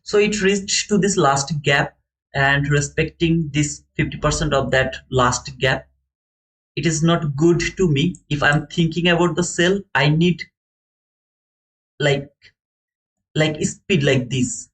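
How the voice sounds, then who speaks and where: A man streaming live to viewers, thinking aloud in halting, repetitive phrases as he explains a trade. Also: on the high side, a bit bright, poor audio. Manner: talks to chat viewers by name. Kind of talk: live market commentary to viewers.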